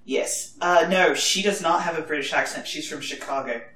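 A woman's voice: low-pitched, normal speed, a bit bright. A woman in her thirties, a French teacher co-hosting a podcast, chatting casually, laughing easily and swearing freely. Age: 30s. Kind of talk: casual chat. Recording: roomy echo.

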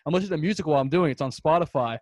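A man talks very fast and bluntly in a casual sports chat. His voice sits slightly high and sounds dry and close. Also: a little mellow, dry recording. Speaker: podcast co-host.

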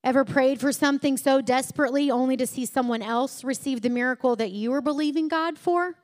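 A woman's voice: high voice, fairly quick, a little mellow. A woman preaching a sermon, retelling scripture stories and building to emphatic peaks.

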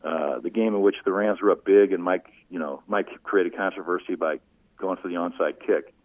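Tinny-sounding man telling animated anecdotes. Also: sits low, normal speed, no echo. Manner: animated anecdotes, laughs often. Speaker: former sportscaster, guest. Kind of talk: conversational storytelling. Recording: tinny phone-like line.

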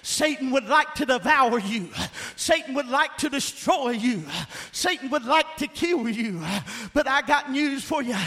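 A man preaching a sermon, emphatic and call-and-response, often shouting his points. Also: very high voice, unhurried.

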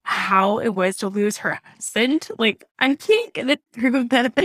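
A woman in her thirties from Southwest Florida shares a deep loss as a podcast guest. She talks candidly, her emotion rising through halting restarts and blunt words. The sound is dry and close, with no room echo. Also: animated, a bit bright. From Southwest Florida, USA. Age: 30s. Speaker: interview guest. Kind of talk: personal storytelling in a podcast interview.

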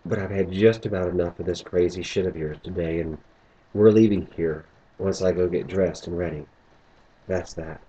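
Guy reading out a scared protective young boyfriend, deep dark raspy voice, muffled sound. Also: fairly even intonation, a little fast, hardly any pauses. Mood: angry. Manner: pleading, then angry and insistent. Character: anxious, protective young man in love.

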